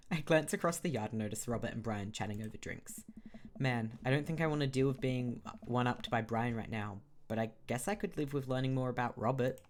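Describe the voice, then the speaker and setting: A man's voice: medium pitch, a little fast. A man from Australia doing casual, self-mocking commentary while playing through a game. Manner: casual, self-mocking asides about his accents.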